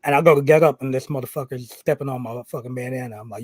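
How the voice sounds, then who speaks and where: A man's voice: medium pitch, fast, hardly any pauses, husky, no room sound. A man co-hosting a wrestling podcast, telling a story casually, swearing constantly and acting out the back-and-forth of what people said. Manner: animated, swears constantly, acts out quoted exchanges.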